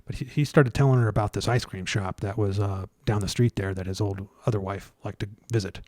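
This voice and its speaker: A man telling a story in a casual interview, stumbling over restarts and fillers and getting animated as he retells scenes. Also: fairly low pitch, no echo, clean studio sound. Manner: halting, many restarts and fillers. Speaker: guest researcher.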